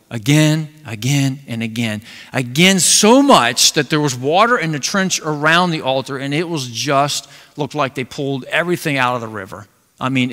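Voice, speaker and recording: A man preaching a sermon as pastor, telling a Bible story in an animated way and briefly acting out the characters. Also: fairly high pitch. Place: church sanctuary. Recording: long reverb of a large hall.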